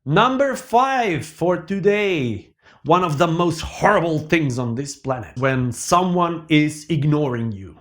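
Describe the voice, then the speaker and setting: A man hosting a comedic monologue show, animated, with a Macedonian accent, swinging between loud outbursts and mock-sad mumbling. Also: a little high, slow.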